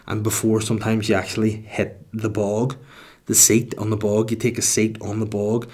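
A man's voice: on the low side, monotone, moderate pace, darkish tone. A young man with a Northern Irish accent, hosting a podcast and telling sweary, rambling comic stories in casual chat. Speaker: podcast host.

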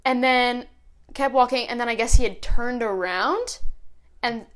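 A young woman co-hosting a podcast, telling a story in a rambling, animated way and saying "like" constantly. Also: fairly high pitch, measured pace. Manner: rambling, heavy use of "like", animated retelling. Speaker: podcast co-host. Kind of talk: casual storytelling chat.

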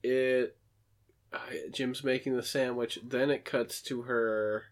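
A man's voice: mid-range voice, steady tone. A man with an ordinary mid-range voice chats through a film recap. His delivery is loose and conversational, full of jokey asides and restarts. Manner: chatty, joking, quick asides and laughs. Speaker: podcast co-host recapping a film. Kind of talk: casual chat.

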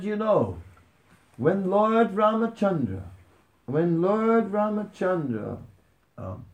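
A man's voice: sits high, creaky, darkish tone, pitched above the performer's own voice, exaggerated voice. A man voicing a humble male monkey devotee who pleads and rises to emphatic cries while telling a story in a spiritual talk.

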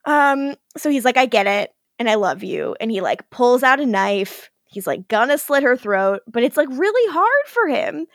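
A woman's voice: on the high side, big pitch swings, normal speed, few pauses, no room sound, clean studio sound. A woman co-hosting a podcast, animatedly retelling a TV episode and acting out the characters' lines with frequent laughter. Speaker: podcast co-host. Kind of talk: casual recap chat.

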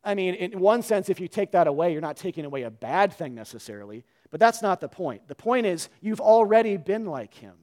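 A man preaching a sermon in a conversational way, with frequent fillers and restarts, his voice dropping low and quiet for asides. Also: sing-song, fairly quick, hardly any pauses. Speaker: pastor.

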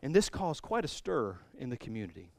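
A man preaching a sermon, retelling a scripture story with animated swings between quiet and loud passages. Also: medium pitch, a little fast, vocal fry, dry recording. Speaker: pastor.

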